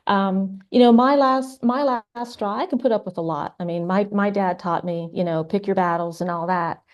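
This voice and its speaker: A woman's voice: mid-range voice, normal speed. A middle-aged woman, a forensic artist, speaking earnestly in a casual interview, often restarting her sentences.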